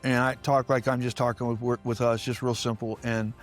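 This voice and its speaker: A man's voice: medium pitch, little pitch movement, normal speed, faint music behind. A man who was once a pastor tells stories in an interview with an emphatic preaching cadence and repeats phrases for effect. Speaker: guest, former pastor. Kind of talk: storytelling interview talk.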